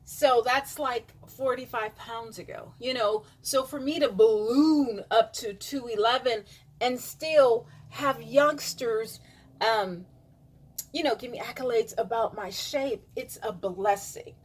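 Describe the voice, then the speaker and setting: A woman's voice: a little high, takes it slowly, breathy edge. A middle-aged woman telling a rambling personal story to her camera, full of fillers, dropping to a whisper when she quotes other people. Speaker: vlogger. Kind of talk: casual storytelling monologue.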